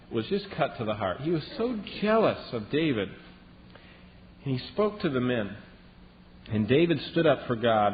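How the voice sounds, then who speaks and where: A man preaching a sermon as a Bible teacher, telling the story in a lively way and acting out the lines he quotes. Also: medium pitch. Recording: dull lo-fi recording with long reverb and faint hiss.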